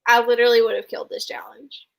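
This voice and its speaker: A young woman co-hosting a show, recapping episodes in casual, quick chat full of "like". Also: a little high, level tone, creaky, poor audio. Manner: chatty, quick, says like a lot. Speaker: co-host.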